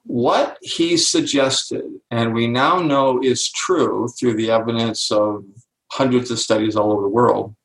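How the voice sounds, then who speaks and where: Older male guest speaker with a gravelly voice, slow emphasis on key words, echoey room. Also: mid-range voice. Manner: slows down to stress key words, acts out quoted voices. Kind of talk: interview storytelling.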